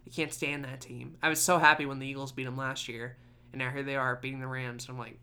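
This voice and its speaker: A man's voice: mid-range voice, little pitch movement, fast talker, bright, forceful tone, clean tone. A young man vlogging in a rambling, casual chat, full of fillers and wry grumbling.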